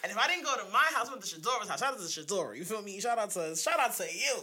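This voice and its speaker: A woman, telling stories in a casual chat, animated and slangy, swearing freely. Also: medium pitch, rapid-fire, husky.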